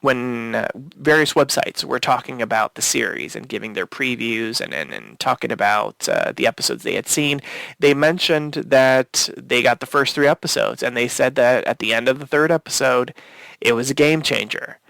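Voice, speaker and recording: A man co-hosts a casual podcast, talking through a TV episode with lots of fillers and eager restarts. His voice has a gravelly edge over a smooth, resonant core. The sound is close and dry. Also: mid-range voice, lively intonation, normal speed, a bit bright, dry recording. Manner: rambling, many fillers and restarts; enthusiastic, swears casually. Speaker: podcast co-host. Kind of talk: casual episode recap chat.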